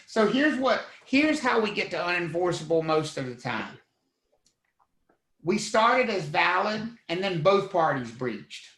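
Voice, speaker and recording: A man with a voice that sits high teaches a live online real estate class at a measured pace. Lively, he quizzes his students and acts out courtroom scenes. The low-quality recording has an echoey room sound.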